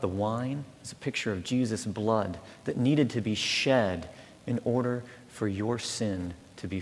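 A man preaching a sermon as pastor, rising loud on key words and falling to a slow, soft hush. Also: lowish voice. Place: church. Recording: long hall reverb, faint room noise.

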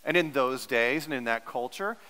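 A man's voice: mid-range voice, lively intonation, moderate pace, sharp tone, big-room sound, low-quality recording. A male pastor preaching a sermon in an earnest, teacherly way, leaning hard on repeated words for emphasis.

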